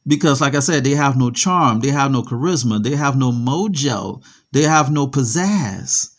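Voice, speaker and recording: A man's voice: medium pitch, expressive, normal speed. A man hosting his own podcast, talking casually in a streetwise way and often checking in with his listener. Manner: streetwise, repeats "you feel me". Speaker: podcast host. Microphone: voice message pieced into a podcast.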